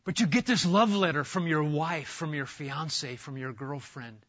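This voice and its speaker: A middle-aged man preaching an expository sermon, emphatic and animated, often restarting his phrases. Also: on the high side, moderate pace, muffled recording. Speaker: pastor.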